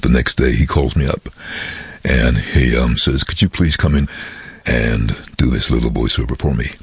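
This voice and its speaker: A man who works as a voice-over artist, telling lively stories in an interview and slipping into quick impressions. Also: a bass voice, slightly rough, no echo. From London. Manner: lively anecdotal, slips into impressions. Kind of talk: interview storytelling.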